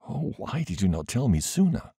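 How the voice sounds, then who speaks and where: Male reader playing an earnest young heroine; lifted pitch, warm, dry studio read. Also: sing-song, normal speed, creaky, husky, no echo, full character voice. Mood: pleading. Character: earnest young woman, eager and pleading.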